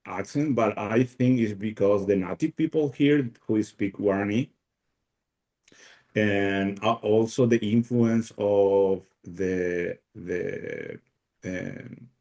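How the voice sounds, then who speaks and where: A man's voice: lowish voice, warm tone. A man from Paraguay with a Paraguayan Spanish accent, Spanish his first language, chatting casually on a video call with many restarts and fillers. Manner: halting, many restarts and fillers, laughs often. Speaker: guest speaker.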